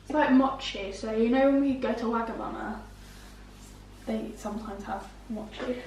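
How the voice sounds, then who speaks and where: A woman's voice: on the high side, moderate pace, darkish tone, distant mic. A young woman chatting at home, explaining things with lots of fillers. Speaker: daughter. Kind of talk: casual chat. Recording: echoey room, off-mic, faint noise.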